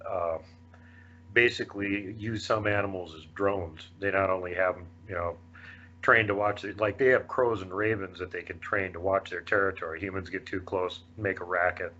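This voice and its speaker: A man hosting a podcast in casual chat, relaxed and chuckling often. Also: low-pitched, normal speed. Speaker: podcast host. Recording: dull lo-fi audio.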